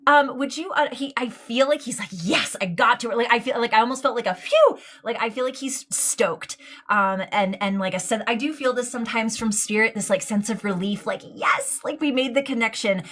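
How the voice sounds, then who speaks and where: Affectionate, halting woman medium. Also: on the high side, steady tone, a bit bright. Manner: hesitant, full of ums and likes, affectionate. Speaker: psychic medium. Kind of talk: live-streamed mediumship reading.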